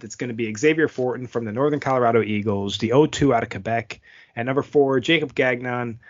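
A man co-hosting a hockey podcast in casual chat, rambling and animated, laughing at his own stumbles. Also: medium pitch. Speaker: podcast co-host. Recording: dull lo-fi audio.

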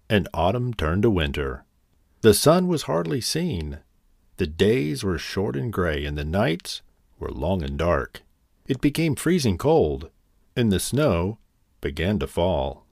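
Slow, low-voiced male storyteller. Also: darkish tone, dry recording, studio quality. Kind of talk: storybook narration.

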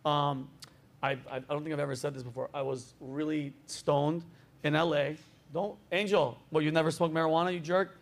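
Here a middle-aged man, a podcast host, chats casually and tells stories with plenty of profanity and animated energy. His pitch is a little high, and he keeps a moderate pace.

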